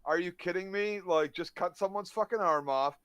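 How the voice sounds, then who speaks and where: A man's voice: high voice, normal speed, a bit bright, smooth, dry recording. A man co-hosting a casual review chat, ranting heatedly and swearing a lot. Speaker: co-host.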